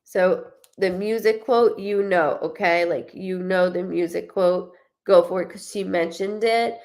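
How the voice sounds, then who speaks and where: Her voice is fairly low and a little slow as this young woman conducts a live medium reading. She keeps it casual and animated, laughing often and lending a lively voice to the spirit's words.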